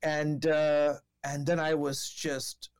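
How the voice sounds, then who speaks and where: This man's voice is clear and resonant, level in tone, and he takes his time. A television reporter, he's telling a story on a casual podcast, restarting and filling often, and voicing the people he quotes with a raised pitch.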